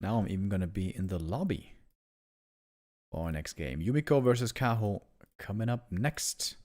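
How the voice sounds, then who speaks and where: A man's voice: lowish voice, moderate pace. A man from Germany casting a live strategy game stream, chatting with viewers in playful banter. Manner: playful, animated banter with sudden loud outbursts. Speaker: esports caster.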